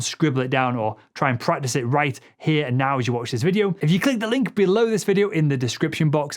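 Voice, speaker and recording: A man teaching sales technique in a fast, assertive coaching manner, his voice not particularly deep. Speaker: sales trainer. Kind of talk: instructional talk to camera.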